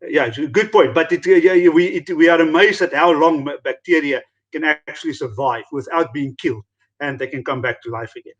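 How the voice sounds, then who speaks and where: Male expert from South Africa, higher register, hesitant and repetitive, on a muffled lo-fi recording. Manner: halting, repeats words and restarts often. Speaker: meat curing expert. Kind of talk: explanatory interview talk. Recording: dull lo-fi recording.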